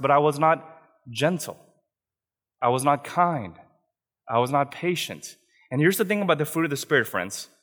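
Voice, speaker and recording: A young man delivers a sermon in an earnest, chatty manner, often tossing in quick "right?" asides to his listeners. His voice sits a touch high for a man, and his words ring out with long reverb through a church hall. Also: a bit bright. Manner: earnest, conversational preaching with frequent "right?" asides. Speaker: preacher.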